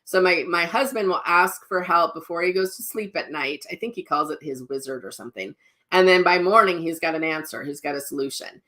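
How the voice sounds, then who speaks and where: A middle-aged woman talks casually as a spiritual teacher. She rambles from story to story with many restarts. Her voice sits a little low but sounds bright and forceful. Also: fairly quick. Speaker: psychic medium and spiritual teacher. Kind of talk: casual spoken teaching with personal stories.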